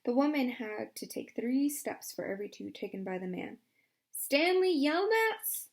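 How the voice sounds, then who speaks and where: A woman's voice: fairly quick, creaky. A woman reading a novel aloud as an audiobook, giving each character a voice of her own. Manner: shifts pitch and loudness for each character. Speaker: audiobook reader. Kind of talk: storybook narration with character voices.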